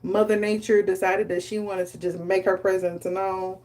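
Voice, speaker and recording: A young adult woman hosts a casual live stream about hair care. She talks in a chatty, animated way at an average pitch. Her manner is loose and conversational. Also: moderate pace, few pauses. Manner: chatty, animated, dramatizes stories with laughter.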